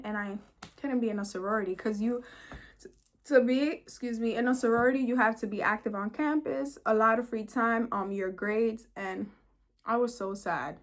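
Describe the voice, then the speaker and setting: A young woman vlogging, telling a personal story in an animated, emphatic way, repeating words for emphasis. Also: on the high side. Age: young adult. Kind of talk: storytime vlog.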